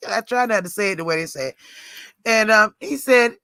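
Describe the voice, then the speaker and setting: A woman's voice: mid-range voice, lively intonation, normal speed, a bit bright, no echo. A woman in her forties hosting a livestream in rambling, casual chat, often laughing. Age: 40s. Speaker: livestream host.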